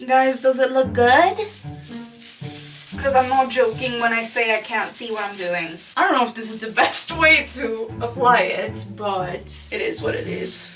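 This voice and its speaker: With a fairly high, fairly bright voice, a young woman talks casually to camera in a late-night vlog from home, swearing nonstop out of frustration and self-mockery. The recording comes from a distant mic, with music in the background.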